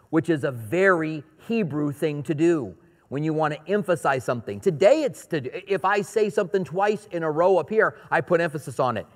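A pastor delivering a sermon, reading scripture aloud and then explaining it in casual asides. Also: male voice, on the high side, big-room sound.

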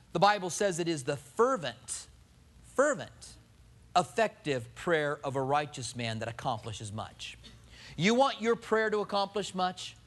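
Animated man preaching a lively sermon. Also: fairly high pitch. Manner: animated preaching, rhetorical questions and acted-out quotes. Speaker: pastor.

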